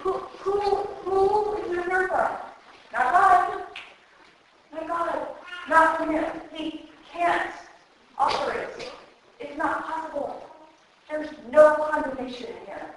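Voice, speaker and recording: A woman preaching at a retreat, lively and emphatic, repeating words for effect. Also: high voice, far from the mic, a little hiss or hum. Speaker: retreat speaker. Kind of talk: sermon. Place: hall at a church retreat. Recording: echoey hall.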